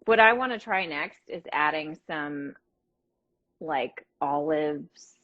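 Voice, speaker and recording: A woman's voice: low voice, expressive, slow pace. Chatty woman on dull livestream audio. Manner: chatty, laughing, swears casually. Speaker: guest. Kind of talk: casual chat. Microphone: phone on a live video call.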